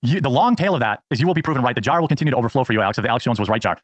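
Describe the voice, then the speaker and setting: A man's voice: medium pitch, expressive, very fast, dry recording. A man appearing as a guest on a talk show, speaking earnestly and persuasively in a pleading tone. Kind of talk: earnest conversation.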